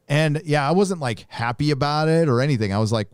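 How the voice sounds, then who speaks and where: A man's voice: fairly high pitch, animated, quick pace, hardly any pauses, clean tone, no room sound. Dry-sounding middle-aged male stream host. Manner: loose and rambling, with frequent restarts. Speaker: host reading super chats. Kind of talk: casual live-stream chat.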